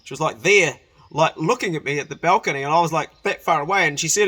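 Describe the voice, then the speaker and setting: A man's voice: a little high, fast, pushed and bright, slightly rough. A man telling a rambling personal story in a casual way, often correcting himself and laughing as he goes.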